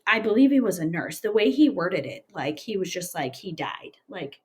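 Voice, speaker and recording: Woman recounting a hard story, halting. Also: mid-range voice, sing-song, darkish tone. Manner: plain, halting retelling with frequent fillers. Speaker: interview guest. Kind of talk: personal storytelling interview.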